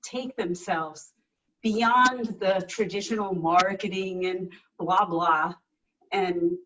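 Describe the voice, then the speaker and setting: A woman talks eagerly on a group video call, tripping over her words as she goes. Her voice sits at a middle pitch and sounds far from the mic, with dull, muffled audio. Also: fairly even intonation, takes it slowly, a bit bright. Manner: chatty, enthusiastic, stammering restarts. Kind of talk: casual chat.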